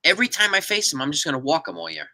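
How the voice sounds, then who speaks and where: Bright, lively man with blunt interjections. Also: a little high, racing, no echo. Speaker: live stream co-host. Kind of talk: casual sports talk.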